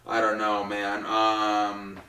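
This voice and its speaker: A man's voice: lowish voice, completely flat delivery, slow pace, bright, forceful tone. Man, casual host, filler-heavy, swears freely, echoey room. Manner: rambling, lots of filler words and swearing. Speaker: wrestling show recap host. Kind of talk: casual unscripted recap. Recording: roomy echo, distant from mic.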